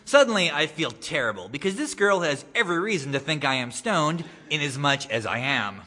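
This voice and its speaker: An author reads his own essay aloud at a gallery, with wry, deadpan humor and lively swings in pitch. His voice is bright and a little higher than most men's. A long reverb trails each line. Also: fairly quick, few pauses. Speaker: guest author giving a reading. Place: art gallery, live reading.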